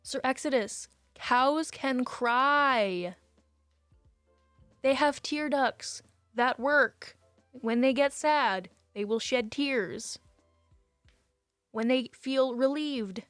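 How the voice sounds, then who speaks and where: A young woman with a somewhat high voice chats casually on a live stream, reading viewer messages and reacting with open emotion. The sound is dry and close, with faint music playing softly behind her. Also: dry recording. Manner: emotional, chatty, quick to say she will cry.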